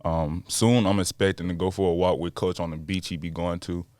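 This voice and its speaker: Young Southern American man, very low voice, dry close mic, relaxed slangy podcast guest. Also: fairly quick, dry recording. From Montgomery, Alabama, USA. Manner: laid-back, slangy, chuckling. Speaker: guest basketball player. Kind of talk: casual interview chat.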